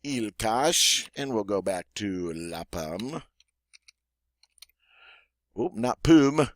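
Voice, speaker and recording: Man, Southern US accent, teacher, unhurried delivery, dry close sound, encouraging. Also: fairly low pitch, animated, fairly bright tone, no echo. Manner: encouraging, stretches out French words slowly. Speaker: French teacher. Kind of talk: classroom-style grammar lesson.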